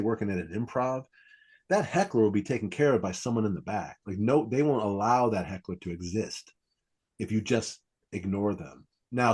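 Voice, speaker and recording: Husky-voiced man in casual chat. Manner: animated, acts out quoted lines in a higher voice. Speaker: comedy coach and podcast host.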